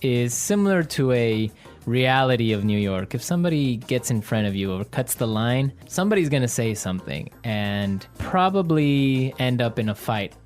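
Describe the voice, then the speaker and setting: A man's voice: mid-range voice, moderate pace, soft background music. A man hosting an English lesson podcast, chatting casually and joking. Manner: relaxed, joking, conversational. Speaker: podcast host.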